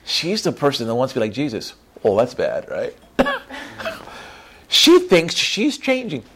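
A man giving a lively sermon in a voice of middle pitch. He jumps between soft, hushed prayer and loud, high-pitched impressions of gossiping churchgoers, and he keeps asking "right?". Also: a little slow, breathy edge. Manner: acts out church members in character voices, says "right?" often. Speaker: preacher. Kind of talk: animated sermon.

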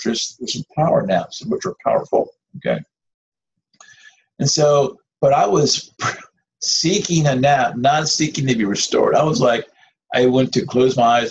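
A man with a mid-range voice and vocal fry delivers an informal sermon, rambling conversationally with restarts and asides. The recording is dull and lo-fi, with faint noise.

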